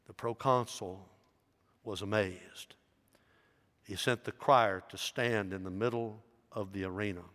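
Preacher telling a story, echoing hall. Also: male voice, on the low side, fairly even intonation, measured pace, fairly bright tone. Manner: storytelling with rising emphasis. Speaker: pastor. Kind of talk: sermon. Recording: long reverb in a large hall.

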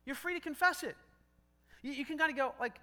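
High, bright-voiced male pastor preaching. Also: a little fast. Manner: conversational preaching that acts out quoted dialogue; self-deprecating humor. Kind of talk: sermon.

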